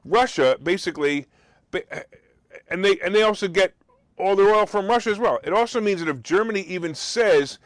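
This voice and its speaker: A man's voice: sits high, normal speed, dry recording. A man hosting a talk show, delivering an opinionated monologue with sarcastic, mocking asides and incredulous questions.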